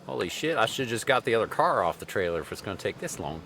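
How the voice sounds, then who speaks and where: A man's voice: lowish voice, very animated, quick pace, a bit bright, slight background noise. A man with a put-on Southern US accent, streaming a racing sim and swearing and joking casually as he drives. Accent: put-on Southern US drawl. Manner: profane, joking, rambling. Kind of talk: casual live-stream commentary while racing.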